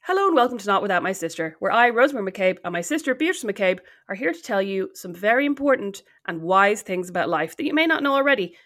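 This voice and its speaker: A woman's voice: mid-range voice, very animated, a bit bright. An Irish woman co-hosting a podcast, chatting casually and teasing her sister. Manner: teasing, quick-witted. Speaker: podcast co-host. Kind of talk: casual chat.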